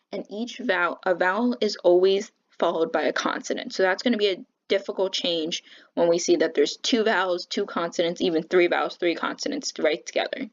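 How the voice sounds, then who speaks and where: A young education student gives a class presentation on teaching, speaking flatly and haltingly with fillers and self-corrections. She says herself that her pitch is flat, and the recording is dull and lo-fi.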